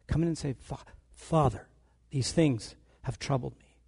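A man preaching a sermon, telling stories with animated delivery and acting out the dialogue. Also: medium pitch, a little slow, slightly rough.

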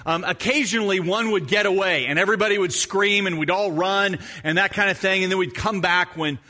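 A middle-aged male pastor preaching a sermon, telling a childhood story in an animated way and acting out the moments. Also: high voice, brisk. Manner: animated storytelling, acts out his own screams.

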